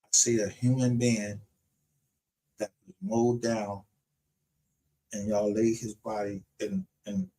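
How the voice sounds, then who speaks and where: A man's voice: fairly low pitch, darkish tone, breathy edge. A man hosting his own livestream show, ranting in a heated, profane and confrontational way. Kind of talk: unscripted livestream rant.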